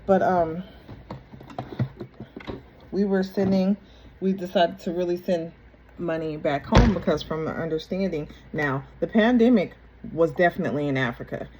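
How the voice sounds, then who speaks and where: A woman's voice: on the low side, moderate pace, pauses often, noisy background. A young adult woman telling her own story to her viewers in a loose, rambling way, repeating herself and restarting her sentences. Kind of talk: casual personal storytelling to camera.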